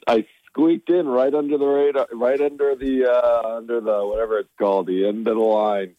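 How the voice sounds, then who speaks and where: A comedian in his thirties from Omaha, talking casually on a phone call to a radio morning show, halting and self-deprecating with many restarts. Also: mid-range voice, fairly even intonation, dry recording. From Omaha, Nebraska.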